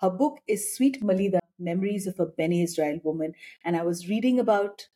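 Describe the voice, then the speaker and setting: Husky, mellow-voiced woman podcast host. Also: on the low side, a little fast. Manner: warm intro, hesitant questions with fillers. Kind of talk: interview hosting.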